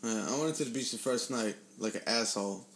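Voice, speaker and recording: A man chatting casually among friends, telling an animated story full of swearing and acted-out quotes. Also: mid-range voice, fairly quick, a crowd in the background. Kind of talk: casual podcast chat.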